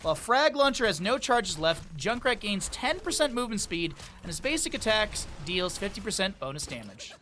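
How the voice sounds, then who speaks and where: A man's voice: high voice, very animated, moderate pace, hardly any pauses, background noise. A man casting a video game match play by play, calling the action and slipping in chatty, joking asides. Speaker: esports caster.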